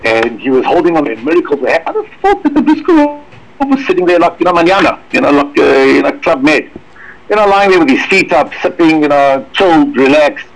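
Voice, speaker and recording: An emphatic man giving a fast-paced religious talk, his voice husky and gravelly. His pitch leaps and dips constantly as he drives his points home. It sounds like a radio broadcast. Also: sing-song, poor audio. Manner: emphatic, swooping pitch, Yiddish and Hebrew terms. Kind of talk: Torah lecture.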